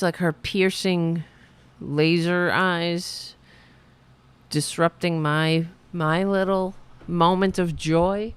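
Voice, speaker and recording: A woman hosting a livestream show, telling stories in a sarcastic, animated way with casual profanity. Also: lowish voice, drawn-out words, clear, resonant tone. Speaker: show host.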